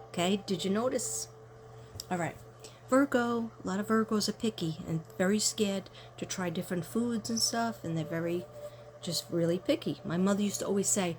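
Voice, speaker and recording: A woman's voice: mid-range voice, moderate pace, slight background noise. A woman card reader chatting casually to camera, rambling through a story and talking to her viewers directly.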